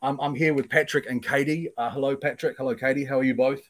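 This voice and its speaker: A man's voice: mid-range voice, fast. Kiwi male host, casual and thoughtful, lots of ums, call-style mic. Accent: New Zealand. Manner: relaxed, thoughtful, many ums. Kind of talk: casual panel discussion.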